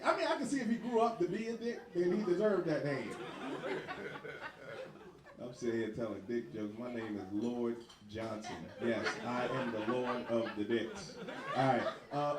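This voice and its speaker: A man doing an animated, profane stand-up set on a bar stage, laughing through his lines. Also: mid-range voice. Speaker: stand-up comedian. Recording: echoey bar with crowd laughter.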